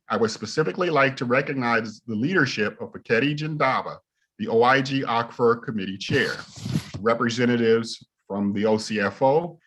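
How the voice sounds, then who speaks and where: A man, an inspector general, reading prepared opening remarks at a hearing in a steady, formal way. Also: mid-range voice.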